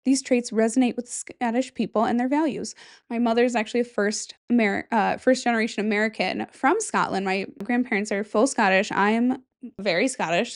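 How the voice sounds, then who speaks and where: Chatty young woman podcast host. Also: a little high. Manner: chatty, rambling, giggly asides. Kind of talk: casual solo podcast chat.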